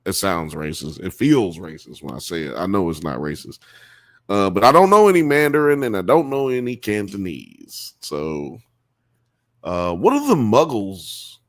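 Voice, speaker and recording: A man's voice: low-pitched, sing-song, moderate pace, dry recording, clean studio sound. A man hosting a live podcast, reading chat comments aloud in a rambling, profane way and laughing often. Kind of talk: casual live-stream chat.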